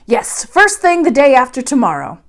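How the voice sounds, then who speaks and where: A woman plays an elderly professor in a storybook reading, all bluster and impatience. He barks his orders loudly and rushes everyone along. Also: high-pitched, sing-song, pitched above the performer's own voice. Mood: impatient. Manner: loud, barking orders. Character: excitable shouting old male professor uncle.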